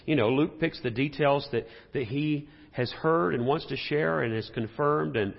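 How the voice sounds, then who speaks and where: A man preaching a sermon and explaining scripture, talking in a lively way and asking the congregation rhetorical questions. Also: on the high side, normal speed, creaky. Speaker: pastor. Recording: dull sound in a reverberant hall.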